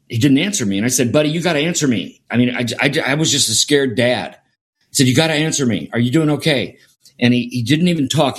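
A middle-aged man, a guest in an interview, telling a story earnestly and repeating phrases for emphasis. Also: medium pitch. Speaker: guest, sport performance scientist.

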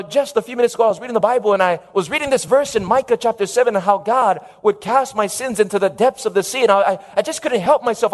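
A man voicing a humble, zealous old farmer who talks to his son in an earnest, apologetic way, inside a sermon story. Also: very high-pitched.

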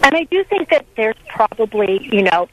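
A woman's voice: on the high side, very animated, low-quality recording. Hesitant woman caller. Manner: hesitant, halting. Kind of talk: call-in conversation.

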